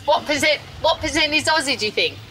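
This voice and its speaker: A woman's voice: sits high, expressive, quick pace, pushed and bright, slight background noise, pitched above the performer's own voice, rough recording. An Australian woman in a taxi, putting on a shaky English accent with Irish hints, chatty and giggly. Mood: playful. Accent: mixed English and Irish-tinged put-on. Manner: chatty, giggly, following prompts. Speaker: radio host undercover in a cab. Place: back seat of a taxi.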